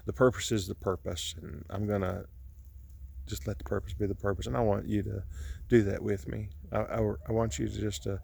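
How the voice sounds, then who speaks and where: A man overcome with grief films a preachy personal monologue outside on his property, often halting and restarting. His fairly low, level voice has vocal fry and a slightly mellow quality, and the camera recording carries a little hiss or hum.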